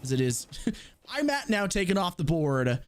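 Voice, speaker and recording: Male esports play-by-play caster, fairly high voice, quick and teasing, from the American South. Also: very animated. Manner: quick and teasing, joking between plays. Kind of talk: play-by-play commentary.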